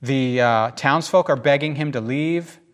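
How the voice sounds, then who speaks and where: A man giving informal, emphatic Bible teaching in a lively, conversational way. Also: medium pitch, unhurried, clean tone.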